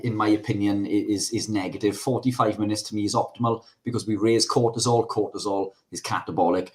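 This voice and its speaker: A man co-hosting a live stream, chatting casually with lots of "you know". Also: fairly low pitch. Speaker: co-host.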